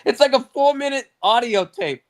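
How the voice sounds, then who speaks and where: A man's voice: very high-pitched, moderate pace. A middle-aged man co-hosting a podcast, telling stories in casual, profane sports chat. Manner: profane, animated storyteller. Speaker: podcast co-host.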